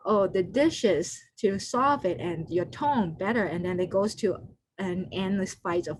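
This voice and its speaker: A woman's voice: lowish voice, measured pace, a little hiss or hum, rough recording. Woman giving an online skills workshop. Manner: loose, unscripted, many fillers, acts out short quoted lines. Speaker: workshop presenter. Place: home room over a video call. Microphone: computer mic on a video call.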